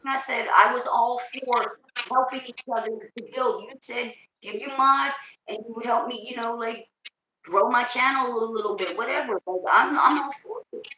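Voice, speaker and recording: Loud, hyped woman from New Jersey. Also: a little high, normal speed, echoey room, slight background noise, poor audio. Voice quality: loud, big voice. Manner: hyped, talks with emotion. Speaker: livestream host. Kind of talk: casual livestream chat.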